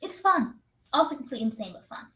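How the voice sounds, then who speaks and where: Bubbly young woman host, slightly high voice, quick laugh, roomy echoey sound. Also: big pitch swings, bright, forceful tone. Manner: bubbly, quick to laugh, reads prompts aloud. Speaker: write-in co-host. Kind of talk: casual livestream chat. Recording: roomy echo.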